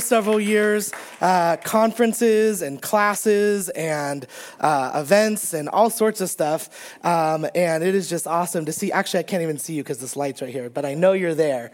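A man with a high voice delivers a relaxed, conversational sermon from a church stage. He talks easily and jokes with the congregation, with many small fillers and restarts as he goes. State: recovering from strep throat. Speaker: pastor. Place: church sanctuary under stage lights.

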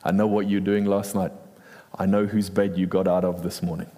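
A man voicing a gentle, loving Jesus who speaks softly and tenderly, recorded in a large hall with a long echo. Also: deep voice, level tone, moderate pace, voice pushed down, close to an everyday voice.

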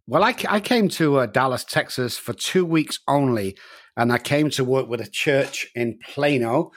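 A man's voice: medium pitch, unhurried. Earnest man with Manchester accent. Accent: Manchester English. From Manchester, England. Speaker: addiction doctor, guest. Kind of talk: interview answers.

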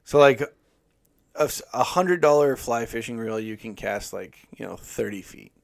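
Man, gravelly voice, casual podcast chat, loose and profane, young adult. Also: medium pitch, moderate pace. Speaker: podcast co-host.

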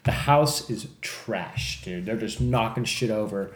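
A man telling a story from his life in casual podcast chat, rambling and swearing, with excited bursts at the tense parts. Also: on the low side, a little slow. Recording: echoey room with faint background noise.

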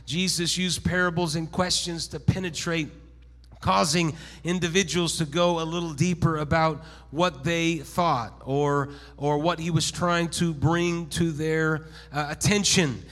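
A man preaching a sermon to a congregation in church, moving from calm, steady teaching to loud, shouted, sing-song exhortation. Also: a little high, unhurried, in a large hall. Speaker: pastor. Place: church sanctuary.

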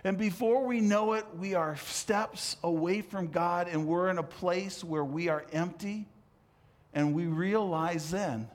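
High-voiced preaching man, impassioned. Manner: impassioned preaching, swinging from loud emphatic calls to soft low asides. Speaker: pastor. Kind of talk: sermon.

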